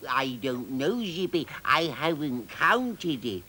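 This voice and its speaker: A sweet shy puppet, slow and soft, hissy old tv sound. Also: medium pitch, very animated, heavily acted. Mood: gentle. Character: gentle shy puppet character.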